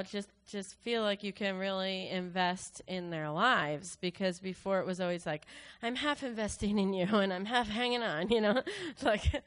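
A woman sharing a personal testimony with her congregation, speaking emotionally and haltingly with many fillers and restarts. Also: medium pitch, fairly bright tone, clean tone. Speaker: church worship leader.

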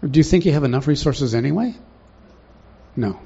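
A man's voice: mid-range voice, animated, brisk, gravelly, dark tone, husky. A man preaching a sermon in a conversational way, often putting questions to the congregation, in a dull lo-fi recording.

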